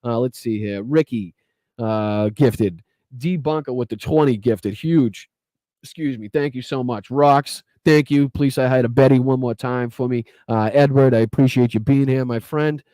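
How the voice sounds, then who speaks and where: A man with a Boston accent hosts a live stream, reading out viewer names and thanking them in a loose, profane, chatty way. His voice is mellow and warm, in a dry room with little echo. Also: medium pitch, normal speed. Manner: casual, profane, grateful, many fillers. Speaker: podcast host. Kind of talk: live stream chat shout-outs.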